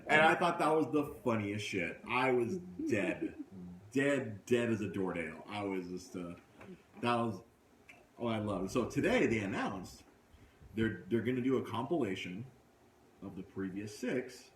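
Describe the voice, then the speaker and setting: A man's voice: lowish voice, a little slow, echoey room, slight background noise. A man hosting a podcast live from a comic book shop, chatting casually and animatedly acting out funny scenes. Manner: animated storyteller, acts out scenes in funny voices. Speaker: podcast host. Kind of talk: casual chat.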